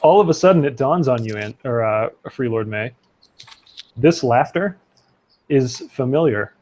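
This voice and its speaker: A man's voice: medium pitch, animated, a little slow, a little mellow. A man narrating a tabletop role-playing game as game master, loose and chatty, with fillers and laughs.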